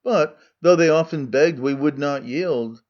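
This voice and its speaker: A man's voice: fairly high pitch, a little slow, darkish tone, dull audio, close to an everyday voice. A man voicing a wily, defiant male Athenian farmer who declaims his case in rhyming verse. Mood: arguing.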